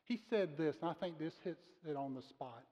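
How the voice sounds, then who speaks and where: A man delivers a sermon from the pulpit of a church sanctuary, speaking in an earnest, measured way. His voice sits somewhat high for a man, and he slows down to press on important words. The recording is dull and a little muffled, with a long reverb trailing off the walls. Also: dark tone. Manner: earnest, measured preaching with slowed emphasis on key words. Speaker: pastor. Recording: muffled sound with long reverb of a large room.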